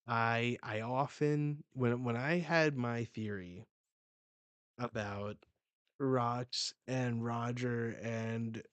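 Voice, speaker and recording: A man hosting a live manga reaction, retelling the chapter excitedly and swearing as he goes. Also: medium pitch, very slow, dry recording.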